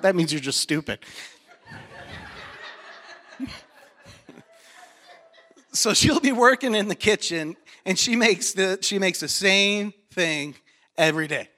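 A male pastor delivers a sermon in a high, bright, forceful voice. He is animated and jokey and tells stories straight to his congregation in a church. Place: church sanctuary.

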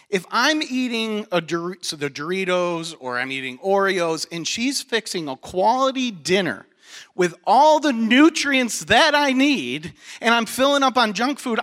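A male pastor delivers a sermon in a high, bright, forceful voice. He is animated and jokey and tells stories straight to his congregation in a church. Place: church sanctuary.

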